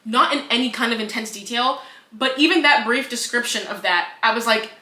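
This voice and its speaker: A woman with a bright, fairly high voice co-hosts a casual book podcast. She retells scenes with animated, acted-out quotes and frequent swearing. The room around her is echoey. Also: a little fast. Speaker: podcast co-host. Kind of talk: casual book review chat.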